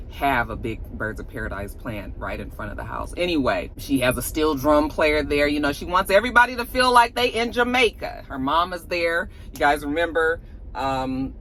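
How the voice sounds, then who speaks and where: A woman recapping a reality show episode in a chatty, gossipy way, with animated asides. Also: low voice, slight background noise. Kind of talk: casual chat.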